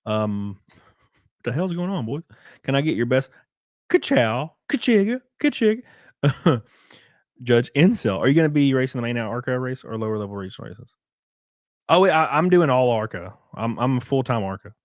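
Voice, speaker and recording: Animated, joking male livestreamer. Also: medium pitch, normal speed, no room sound, clean studio sound. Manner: joking, rambling, swears casually. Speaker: livestream host and race car driver. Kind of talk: casual livestream chat reading viewer comments.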